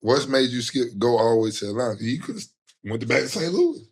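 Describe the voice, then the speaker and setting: Husky, laid-back male co-host. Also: mid-range voice, sing-song. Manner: laid-back, quick back-channel replies, slangy. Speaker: co-host, interviewer. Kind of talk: casual chat.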